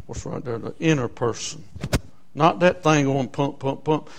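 An older man preaching a sermon, emphatic, swinging between loud exclamations and hushed asides. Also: high voice, expressive, normal speed.

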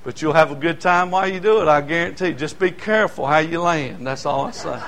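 An older preacher with a high, bright voice. He tells folksy stories from the pulpit in an animated sermon and breaks into shouts. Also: brisk. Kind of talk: sermon storytelling.

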